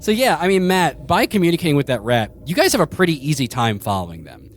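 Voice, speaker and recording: A man's voice: on the high side, big pitch swings, fast talker, slight background noise. A man narrating as game master of a tabletop game, rambling with lots of fillers. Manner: rambling, full of fillers and restarts.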